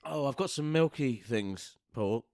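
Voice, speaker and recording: A man's voice: medium pitch, expressive, a little slow, a little mellow, no room sound, studio quality. A British man co-hosting a comedy podcast, trading crude silly banter and gleefully repeating his own lines. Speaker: podcast co-host.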